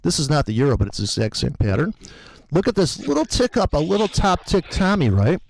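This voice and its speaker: A man's voice: on the high side, sing-song, a little fast, gravelly, slight background noise. A man talking about trading in a heated, profane rant that mocks other traders. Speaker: trader co-host. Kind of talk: animated trading talk.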